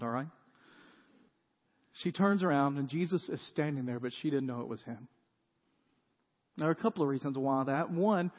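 High-voiced male pastor preaching. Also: husky. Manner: conversational, asks the audience rhetorical questions. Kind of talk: sermon. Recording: dull sound with long hall reverb.

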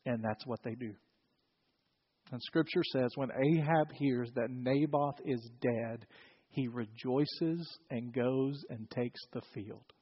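A man preaching a sermon, telling a story with animated delivery and acting out the characters. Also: mid-range voice, slow, husky, in a large hall, highs cut off. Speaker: pastor.

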